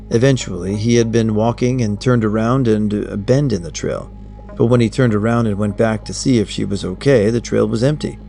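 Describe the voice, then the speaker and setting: A man's voice: lowish voice, creaky, dark tone. A man narrating a first-person horror story in a blunt, profane, conversational way.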